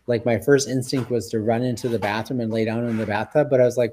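A man's voice: mid-range voice, fairly even intonation, fast talker, hardly any pauses, warm tone, slight background noise. A man around sixty, a health guest on a radio talk show, telling stories in a rambling way full of fillers. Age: about 60. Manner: rambling, full of "like" and "you know". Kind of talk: casual radio chat.

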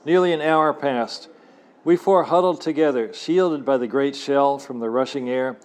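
Man reading his novel aloud with wry asides. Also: fairly high pitch. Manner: wry, expressive storyteller who adds asides. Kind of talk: live fiction reading to an audience. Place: cafe with a live audience.

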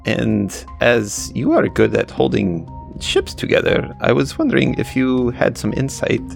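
A man voicing an excitable male adventurer who speaks formally and eagerly. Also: measured pace, vocal fry, soft background music, exaggerated voice. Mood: earnest. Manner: formal, breathless and eager, jumping high. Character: excitable male adventurer, proud of his whip.

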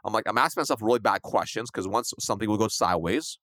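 Fast-talking man telling a story. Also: fairly low pitch, dry recording, studio quality. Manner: fast, animated, acts out quoted dialogue. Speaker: guest, sales coach. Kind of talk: conversational storytelling.

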